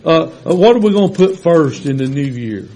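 A man preaching a sermon to his congregation in a folksy, conversational way, swelling to loud, drawn-out emphasis when he reads scripture. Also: on the high side, expressive, rough recording. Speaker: pastor. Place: church sanctuary with congregation.

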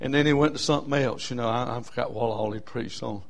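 A man, telling a story in a sermon in a folksy, animated way, with bursts of whooping. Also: medium pitch, fast, creaky. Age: 60s.

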